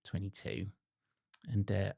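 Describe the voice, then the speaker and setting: A man's voice: sits low, completely flat delivery, slow pace, vocal fry, dark tone. A man hosting a podcast, chatting casually and teasing his guest. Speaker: podcast host. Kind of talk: casual chat.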